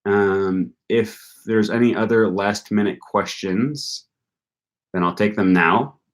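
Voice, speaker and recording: A young man answers viewer questions on a live stream in a relaxed, rambling way. His voice sits a little low, and he pauses often with ums while he thinks. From North Carolina. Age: young adult. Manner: casual, thinking aloud with frequent ums.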